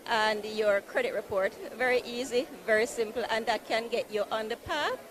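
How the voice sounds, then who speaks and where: A woman representing a building society at a conference marketplace booth, pitching savings and mortgages in an upbeat, persuasive way. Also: normal speed, crowd noise. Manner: upbeat, persuasive, repeats easy and convenient. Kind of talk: sales pitch at an expo booth. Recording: noisy conference floor.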